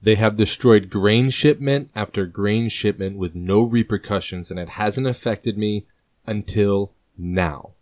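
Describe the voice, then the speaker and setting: A man voicing a grieving, furious king who gives commands in a booming voice that rises into anger. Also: normal speed, darkish tone, no echo, studio quality, close to an everyday voice. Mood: grieving fury.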